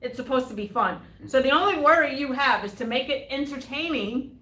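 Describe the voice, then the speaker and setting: A woman co-hosts a live tennis stream, with quick conversational replies. Her voice is bright and forceful. The room adds a noticeable echo. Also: high-pitched. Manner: quick conversational replies, reads viewer comments. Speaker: co-host of live tennis talk show. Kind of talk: casual live-stream discussion. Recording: echoey room.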